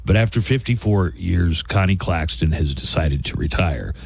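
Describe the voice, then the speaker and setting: A man's voice: low-pitched, animated, normal speed, vocal fry, a little mellow, dry recording, clean studio sound. A man hosting a radio show, easygoing and relaying news stories in chat. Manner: easygoing, storytelling news reader.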